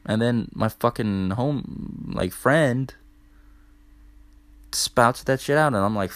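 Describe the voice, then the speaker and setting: A man's voice: mid-range voice, slow, long pauses. A young man hosting a podcast, telling a loose, profane story in casual talk, full of "dude" and "like". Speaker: podcast host.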